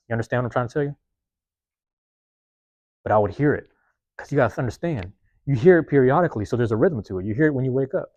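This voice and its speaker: Man, podcast host, rapid casual monologue, streetwise and profane, reflective, dry close sound. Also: medium pitch, dark tone, dry recording, dull audio. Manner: profane, rambling, streetwise talk; self-reflective, keeps checking in with listeners.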